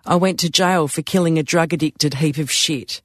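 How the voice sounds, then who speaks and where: A man's voice: fairly high pitch, normal speed, a bit bright, no echo, studio quality. Man voicing a tearful drunk woman. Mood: drunk, raw. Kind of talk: audiobook character voice.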